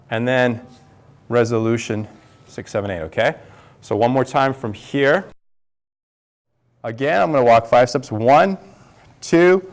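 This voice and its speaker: A male tango instructor teaching a dance class, counting the steps aloud as he demonstrates them. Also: medium pitch. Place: dance studio.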